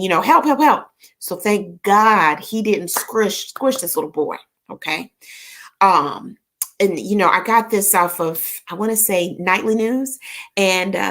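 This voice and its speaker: Lively woman hosting a chat. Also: mid-range voice. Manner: animated storytelling with laughs and rising exclamations. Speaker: host of a live show reading viewer comments. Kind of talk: casual live-stream chat.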